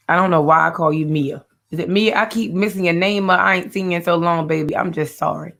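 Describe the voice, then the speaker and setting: A woman's voice: fairly low pitch, fairly bright tone. A woman hosting a faith-based talk show, talking earnestly and directly to her viewers and often repeating her phrases.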